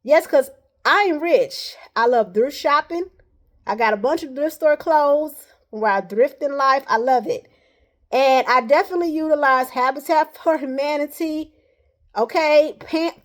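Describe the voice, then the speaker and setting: A woman's voice: high voice, expressive, unhurried. A woman talking to camera in a casual vlog, rambling and earnest, often tagging her points with "all right.". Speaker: vlogger.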